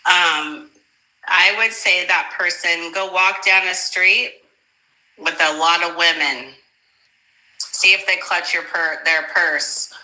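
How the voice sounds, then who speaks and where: A woman chatting about politics in an animated, emphatic way, with bursts of laughter and sudden high exclamations. Her voice is very bright and cutting, and she takes her time, speaking slowly and deliberately. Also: poor audio. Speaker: guest commentator. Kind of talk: casual political chat.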